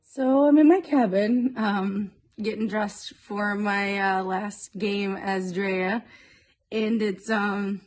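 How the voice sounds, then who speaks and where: A young woman talking casually in an interview as a live-action role-player, enthusiastic and reflective. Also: mid-range voice. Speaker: LARP player. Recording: roomy echo with faint music.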